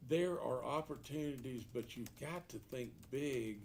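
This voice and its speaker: A political candidate, a man with a mid-range, slightly mellow voice and a measured pace, gives an unscripted answer to an editorial board in a meeting room around a table. He's folksy and emphatic, repeating words and posing rhetorical questions.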